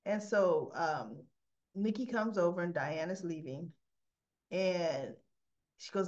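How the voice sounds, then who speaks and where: A woman's voice: on the low side, takes it slowly, a little mellow, lo-fi sound. A woman hosting a soap opera recap, chattily retelling scenes as "he goes, she goes.". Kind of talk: casual storytelling recap.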